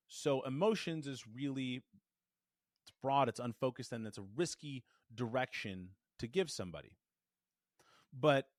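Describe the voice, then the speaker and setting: A man's voice: medium pitch, no room sound. A man teaching voice technique in a podcast lesson, demonstrating shifts between chest voice and head voice into a good studio microphone. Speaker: voice coach.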